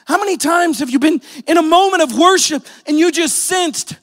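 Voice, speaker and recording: A man delivering a sermon in a noticeably high voice. He moves between quiet, confiding stretches and loud, shouted appeals to the congregation. He tells personal stories and adds self-deprecating asides along the way. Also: animated, normal speed, hardly any pauses, long reverb tail. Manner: swings from hushed, intimate talk to shouted appeals; repeats "here's the thing", storytelling with self-deprecating asides. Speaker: pastor.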